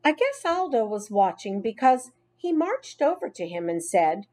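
A woman reading a children's book aloud in an expressive, unhurried way. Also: on the high side. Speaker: storyteller.

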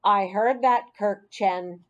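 A woman voicing a firm but kind schoolteacher in an audiobook, speaking in a measured, stern way. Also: mid-range voice, highs cut off, lightly acted. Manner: measured and stern, with teacherly emphasis. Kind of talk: audiobook character voice.

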